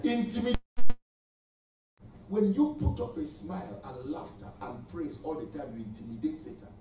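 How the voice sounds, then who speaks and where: A male pastor delivers a sermon with a high, animated voice that swoops up and down. He keeps the congregation answering him, calling out praise between his points. His sound is mellow and comes from far off, washed in the long echo of a church hall. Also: normal speed. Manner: call-and-response preaching, exclamations of praise. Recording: echoey hall, mic far off.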